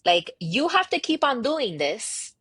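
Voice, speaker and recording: A woman's voice: on the high side, sing-song, a little slow, a bit bright, slightly rough, no room sound. A woman guest on a podcast, telling stories and acting out quoted dialogue with emphatic repetition. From United States, daughter of immigrants. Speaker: podcast guest, marketing entrepreneur. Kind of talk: casual conversational interview.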